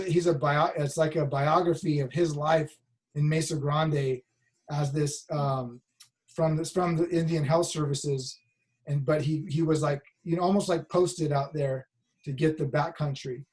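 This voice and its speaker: A man's voice: a little high, fairly even intonation, unhurried, a little mellow. Rambling male instructor on a video call. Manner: rambling, many restarts and fillers. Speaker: college instructor. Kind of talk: casual online class talk.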